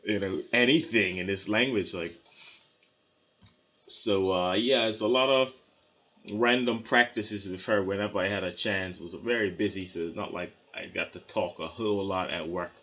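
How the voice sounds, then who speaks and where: A man's voice: deep voice, normal speed, bright, forceful tone. A man from Bermuda casually telling stories to his vlog audience, rambling with many fillers and restarts. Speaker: vlogger. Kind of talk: casual storytelling to camera. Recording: slightly dull lo-fi sound with faint noise.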